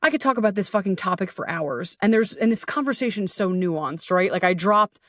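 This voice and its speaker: A woman's voice: medium pitch, animated, brisk, a bit bright, no echo, studio quality, distant mic. A woman hosting a solo podcast and working as a coach, talking candidly and with energy, swearing freely and acting out bits of inner dialogue. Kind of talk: casual solo podcast talk.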